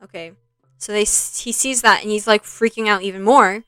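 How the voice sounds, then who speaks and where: Young woman streamer, rambling storyteller, crisp dry close sound, faint music behind. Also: mid-range voice, moderate pace, no echo. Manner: rambling, easily sidetracked, animated retelling. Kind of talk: casual storytelling while streaming.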